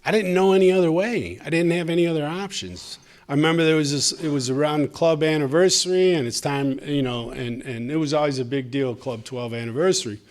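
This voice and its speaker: A man's voice: a little high, brisk. A man speaking at a recovery meeting, sharing his story in a conversational, humorous way that turns tender. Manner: conversational, humorous, gets emotional. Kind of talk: personal recovery talk. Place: meeting room, live audience.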